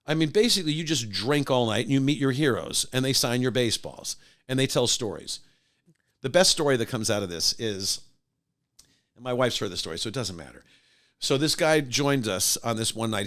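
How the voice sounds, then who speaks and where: Lively older man telling a story. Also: medium pitch. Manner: animated anecdote teller, acting out voices of others. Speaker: podcast guest, musician and radio host. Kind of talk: casual storytelling.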